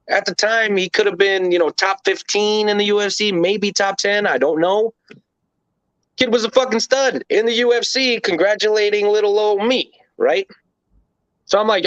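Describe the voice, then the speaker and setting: In a high-pitched, slightly bright voice at normal speed, a man being interviewed tells a lively, casual story with lots of swearing and wandering asides. It's a dull, dry, lo-fi recording.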